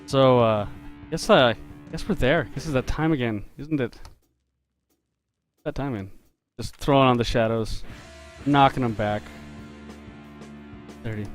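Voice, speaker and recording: A man telling a story in a relaxed, chatty way, laughing often as he draws live on a stream for his viewers. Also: medium pitch, unhurried, pauses often, soft background music. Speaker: game developer and artist streaming live. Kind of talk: casual storytelling while drawing on a live stream.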